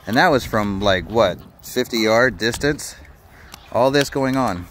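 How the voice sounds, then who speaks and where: A man's voice: medium pitch, lively intonation, measured pace, fairly bright tone, a little hiss or hum. A man working as a dog trainer, talking outdoors while he plays with a dog, praising it and explaining its behavior as he goes. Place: outdoors at a park.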